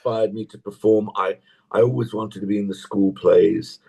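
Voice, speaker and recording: A man's voice: on the low side, steady tone, normal speed, vocal fry, dark tone. An older man with an English accent, an actor chatting in an interview over a tablet video call, rambling through anecdotes. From England. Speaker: actor guest. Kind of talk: casual interview chat.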